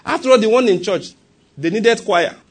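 A man with a Nigerian accent preaching a sermon, animated, with laughing asides and softly acted prayers. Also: sits high, normal speed, slightly rough.

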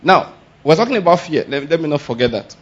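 A man preaching a sermon in an animated, laughing way, often acting out exclamations. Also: a little high, quick pace. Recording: dull lo-fi sound.

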